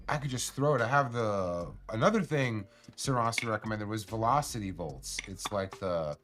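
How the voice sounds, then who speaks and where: A man's voice: medium pitch, fairly bright tone. A man hosting a casual live stream, talking in loose, profane, rambling slang to his chat. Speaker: cannabis stream host.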